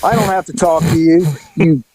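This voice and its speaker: A man's voice: fairly even intonation, normal speed, a little mellow, slightly rough, dry recording, low-quality recording. A man putting on a shrieking foul-mouthed woman. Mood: furious. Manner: shrill cursing tirade. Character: foul-mouthed high woman screaming insults.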